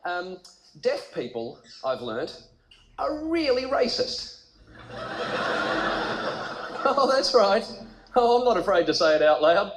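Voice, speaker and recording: Australian man, stand-up comedian, high-pitched, chatty storytelling, punchy punchlines, roomy theatre, noisy audience. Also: sing-song, takes it slowly, long pauses. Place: large comedy theatre stage with live audience.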